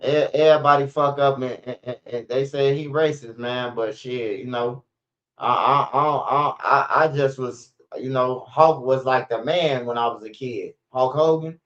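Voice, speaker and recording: A man's voice: medium pitch, normal speed, fairly bright tone. Rambling man on a lo-fi stream. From Chicago, USA. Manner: rambling, profane, stammering restarts. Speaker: street news livestream host. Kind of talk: casual livestream talk.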